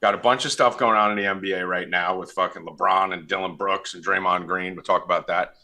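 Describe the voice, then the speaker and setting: Brash, bright-voiced foul-mouthed host. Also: male voice, low voice, steady tone, fast. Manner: brash and profane, loud ribbing. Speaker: podcast host. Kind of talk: casual sports betting chat.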